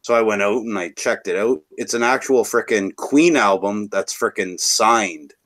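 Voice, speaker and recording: Brief: Canadian guy, low-ish voice, loose rambling chatter with lots of cursing. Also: normal speed, fairly bright tone. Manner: rambling, swears freely. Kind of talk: casual chat.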